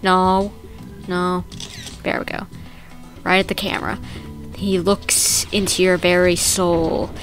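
A woman's voice: lowish voice, flat delivery, takes it slowly, pauses often, soft background music. A woman hosting a let's-play video, casually narrating her moves in a chatty, playful way. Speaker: gaming video host.

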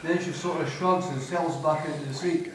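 A man's voice: on the high side, fairly even intonation, fairly quick, noisy background. A middle-aged man with a Scottish accent reading his crude comic first-person fiction live on a theatre stage, broad, sweary and wry in dialect. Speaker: author reading aloud. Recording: echoey theatre from a distance.

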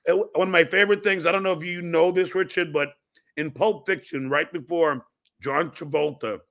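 A man's voice: a little high, steady tone, moderate pace, a bit bright. A man with a New York accent hosting a podcast, talking loosely and reading out viewer messages. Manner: loose, rambling, reads out fan messages. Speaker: podcast host. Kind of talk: casual podcast conversation.

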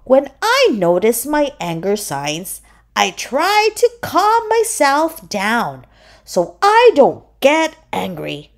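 A woman voicing a calm, patient grown-up female shark who explains things firmly. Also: high-pitched, slow pace, voice pushed up, heavily acted.

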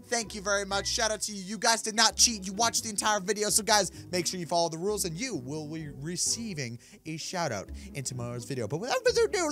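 A man hosting a gaming video, excitedly reacting to the game and reading its text aloud. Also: sits high, fast talker, hardly any pauses, soft background music. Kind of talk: excited gameplay commentary.

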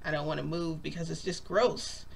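A woman's voice: low voice, fairly even intonation, normal speed, creaky, breathy edge. A woman vlogger telling a long story in a casual, rambling way, full of "like" and acted-out quotes. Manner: rambling, lots of "like", acts out quotes.

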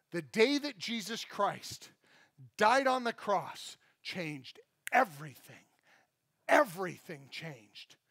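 A man's voice: high voice, fairly bright tone, no echo. A male pastor preaching a live sermon at a church service, conversational and joking, with self-deprecating asides.

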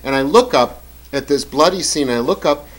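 A man's voice: fairly high pitch, expressive, moderate pace, a little hiss or hum, low-quality recording. Man, middle-aged, church lecture, conversational, joking. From United States. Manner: conversational, joking, with quoted asides. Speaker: guest lecturer.

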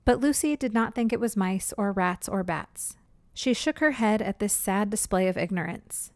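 Expressive woman reading a storybook. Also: mid-range voice, moderate pace, no echo. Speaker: read-aloud narrator.

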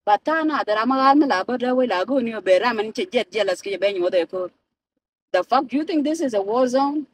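A woman's voice: fairly high pitch, lively intonation, fairly quick, slight background noise, rough recording. A South Sudanese woman in a car, ranting and swearing into her phone camera, switching between languages. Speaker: vlogger. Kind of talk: profane ranting vlog.

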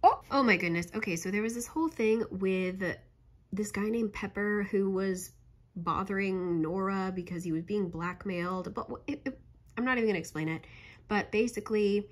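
A young woman giving a casual, sarcastic book recap with a slightly hoarse voice, chatting and swearing as she goes. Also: medium pitch, moderate pace. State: voice going hoarse. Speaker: book reviewer.

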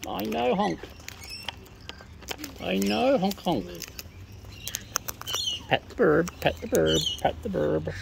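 Her voice is on the low side, slow and creaky, with frequent pauses as she baby-talks in a coaxing sing-song to the wild birds she feeds. This vlogger is outdoors in a garden, with birds calling and animals making noise behind her.

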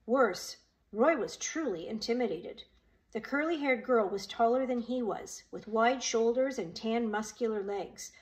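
A woman's voice: on the high side, lively intonation, unhurried, low-quality recording. A woman reading a children's novel aloud, giving each character a voice of their own. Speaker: audiobook reader. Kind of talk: storybook narration with character voices.

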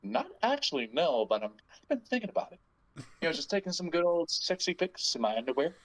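A man's voice: on the high side, sing-song, fairly quick, rough recording. A man hosting a podcast, rambling and joking crudely in casual banter. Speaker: podcast host.

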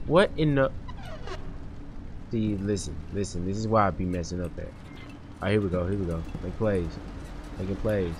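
A man giving slangy, excitable live commentary on a horror game as a gaming streamer. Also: sits low, normal speed, long pauses, background noise. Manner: excitable, slangy, yelling when startled.

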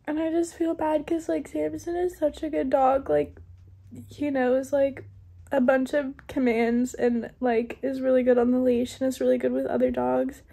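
A woman's voice: high-pitched, flat delivery, normal speed, vocal fry, mellow. A young woman vlogging casually, rambling with lots of "like" and "um", sounding shaken and upset. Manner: rambling, many fillers like "like" and "um". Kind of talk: casual vlog talk.

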